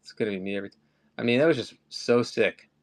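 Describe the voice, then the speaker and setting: A man's voice: mid-range voice, fast talker. A man in a middle register runs a live collectibles auction. He chats loosely and wanders off topic before snapping back to prices. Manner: rambling, chatty, often off topic. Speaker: live-stream collectibles seller. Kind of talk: casual live-stream chat.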